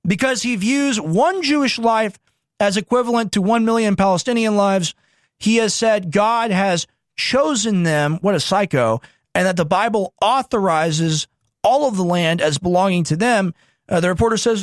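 A man's voice: high voice, lively intonation, moderate pace, no echo, clean studio sound. A man hosting a commentary show who reacts to video clips and reads quotes aloud. He sounds sarcastic and indignant and often talks over the clips.

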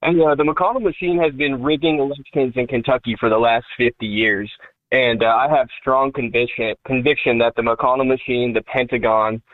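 A man's voice: mid-range voice, fairly even intonation, normal speed, no echo. A male caller lays out his case in an earnest, methodical way. His voice comes through a tinny phone line. The sound is dry.

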